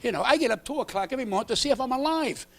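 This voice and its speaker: A man, a comedian telling rambling, animated stories as a talk show guest. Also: very high-pitched, rapid-fire, gravelly. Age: 80s. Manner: rambling, animated, acts out voices in his anecdotes. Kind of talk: comic storytelling. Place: TV studio.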